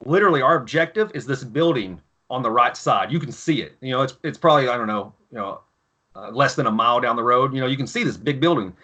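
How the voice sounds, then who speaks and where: Bright-voiced man telling rowdy war stories. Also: mid-range voice, fast. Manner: profane, animated war-story telling. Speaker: podcast guest, former Marine. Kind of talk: casual storytelling chat.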